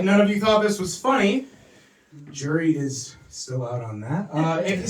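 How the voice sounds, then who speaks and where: A man doing a crude, rambling stand-up comedy set, often shouting and laughing. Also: high-pitched, far from the mic. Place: small comedy venue.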